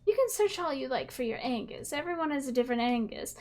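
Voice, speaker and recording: A woman's voice: sits high, animated, fast, darkish tone. A woman voicing a preachy older churchgoing woman in a game, speaking in a grandiose, sermonizing way.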